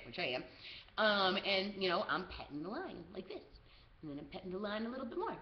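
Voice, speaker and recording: Animated woman telling a story. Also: mid-range voice, fairly quick. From USA. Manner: animated, lots of "like" and "um". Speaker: travel vlogger. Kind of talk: casual storytelling to camera. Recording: roomy, slightly dull video audio.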